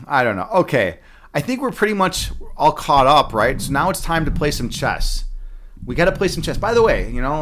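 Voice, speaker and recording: A man with a medium-pitched, fairly bright voice live-streams as a chess instructor, chatting casually. His talk rambles with frequent fillers and restarts, punctuated by frequent laughter.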